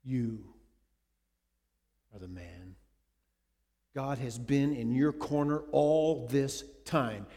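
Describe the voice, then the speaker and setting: A man voicing a stern prophet who slowly and gravely accuses a king. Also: mid-range voice, mellow. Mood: accusing.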